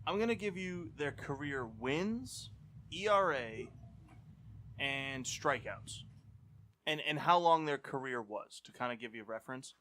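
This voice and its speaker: A man's voice: mid-range voice, expressive, unhurried, a bit bright, slight background noise. Man reading stats for a podcast quiz. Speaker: podcast co-host running a quiz segment.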